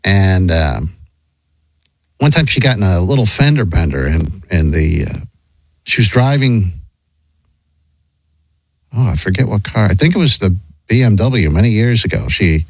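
A man's voice: deep voice, measured pace, pauses often, slightly rough, no room sound, poor audio. A middle-aged man telling a long, rambling story in casual chat, with many restarts. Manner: rambling, animated, frequent restarts.

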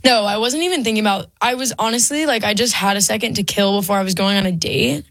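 A woman's voice: mid-range voice, fast, a bit bright, no room sound. A young woman, a singer-songwriter guest, talking chattily with lots of "like" fillers. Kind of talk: casual interview chat.

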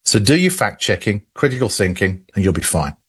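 An English man with a low, husky voice, talking through a question on a radio call-in show. He rambles, restarts his sentences and repeats words as he explains. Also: big pitch swings, a little fast. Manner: rambling with many restarts and laughs. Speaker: AI expert guest.

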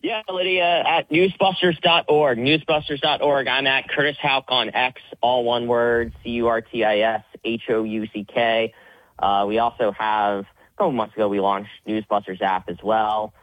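A man joins a talk show as a guest commentator, answering in a brisk, matter-of-fact way. His voice comes through a dull, lo-fi remote line, dry and close. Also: medium pitch, little pitch movement, dry recording. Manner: brisk, promotional. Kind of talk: radio interview guest.

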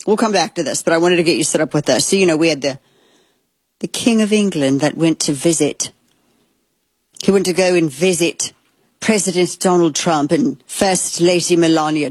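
A woman's voice: lowish voice, breathy edge, no room sound. A woman hosting casual political commentary, talking in a rambling, opinionated way with frequent restarts.

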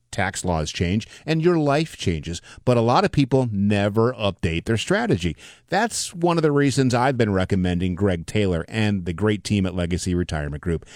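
A man reading a radio advertisement in an earnest, persuasive pitch. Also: no room sound, studio quality. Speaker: radio ad spokesman. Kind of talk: read radio ad.

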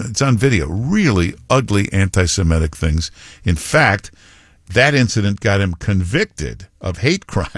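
A talk radio host with a very low male voice delivers blunt, scornful commentary full of rambling asides. The sound is dry and close, with no room around it. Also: no echo.

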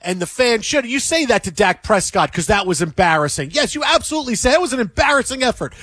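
A man's voice: very high-pitched, expressive, quick pace, sharp tone, slightly rough, no echo. A man hosting sports talk radio, ranting emphatically and repeating himself as he acts out what others say.

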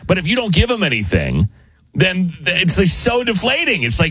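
A male radio host with a somewhat high, lively voice that swings up and down as he teases. His tone is a little husky, and he laughs easily through the morning show banter. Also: moderate pace, no echo. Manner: animated, teasing, laughs often.

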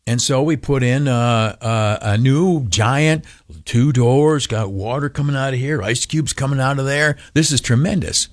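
A man's voice: mid-range voice, measured pace, dry recording, clean studio sound. A middle-aged man hosting a grumpy political monologue, ranting with stammered restarts and many fillers. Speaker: commentary host.

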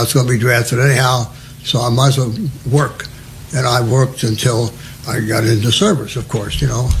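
A man's voice: medium pitch, slight background noise. A man in his nineties from New Jersey, telling rambling oral-history war stories with chuckles and restarts. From New Jersey, USA. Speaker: war veteran interviewee.

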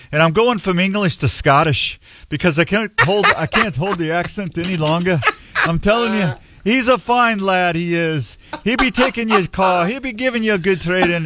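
A man's voice: high-pitched, background noise, pitched above the performer's own voice. A man voicing a stuffy English butler in a comic radio ad read, with a put-on posh British accent that slides into Scottish.

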